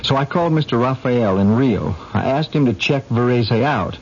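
An actor playing an earnest, worried office employee in a vintage radio drama, explaining carefully. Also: male voice, mid-range voice, lively intonation, moderate pace, a little mellow, husky. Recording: muffled old radio broadcast.

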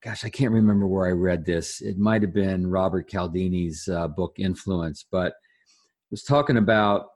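Deep-voiced man giving casual advice. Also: darkish tone, no echo, clean studio sound. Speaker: interview guest, referral coach. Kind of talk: conversational advice.

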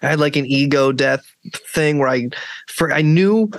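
A man's voice: fairly high pitch, normal speed, no room sound. A man hosting a podcast, telling a long story in a loose, rambling way, full of fillers and swearing. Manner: rambling, laid-back, heavy with "like" and swearing. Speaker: podcast host. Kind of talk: casual storytelling chat.

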